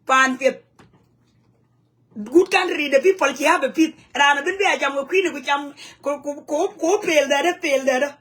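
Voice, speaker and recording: A community vlogger from South Sudan, whose first language is Nuer, delivers an angry rant straight to the camera from her home in the U.S. Her voice is high and fairly bright at a normal pace, and she speaks heatedly and bluntly in broken English mixed with Nuer phrases.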